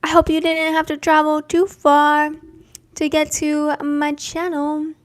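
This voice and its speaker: A young woman hosting a casual live stream, reading out viewers' names and talking gently and affirmingly about dreams. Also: sits high, completely flat delivery, dry recording. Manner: slow, gentle, spiritual and affirming.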